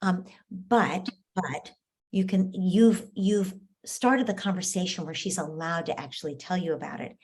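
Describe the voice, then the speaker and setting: A woman's voice: on the low side, unhurried, husky. Woman coaching a parent, acting out dialogue. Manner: gentle, acts out child and parent lines.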